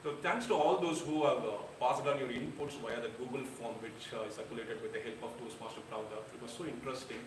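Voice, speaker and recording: A man addresses a club meeting as its speech evaluator, speaking frankly and earnestly with a dash of self-mocking humor. His voice sits at an ordinary middle pitch and comes from some distance away, in a roomy, echoing meeting room with a faint hum of ambience behind him. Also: fast talker, few pauses. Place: air-conditioned meeting room.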